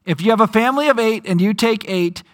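Pastor, male, high bright tone, chatty sermon delivery with sudden loud emphasis. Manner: conversational, with dramatic slowdowns and bursts of emphasis.

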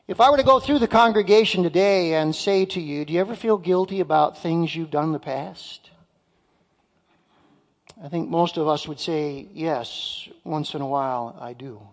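A pastor preaching a sermon in a church, slow and emphatic, putting questions straight to the congregation. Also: male voice, high voice, long reverb tail. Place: church sanctuary.

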